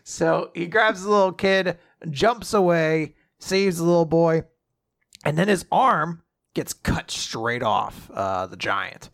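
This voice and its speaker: A man's voice: fairly high pitch, expressive, slow, a bit bright. A man hosting a podcast, casually recapping a manga chapter with sarcastic jokes and frequent laughs. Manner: joking, laughs often, sarcastic asides.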